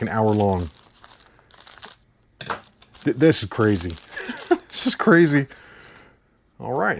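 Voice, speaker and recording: A man's voice: mid-range voice, darkish tone, slight background noise. Enthusiastic man rambling over an unboxing. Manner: enthusiastic, rambling, laughs often. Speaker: host. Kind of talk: casual unboxing chat.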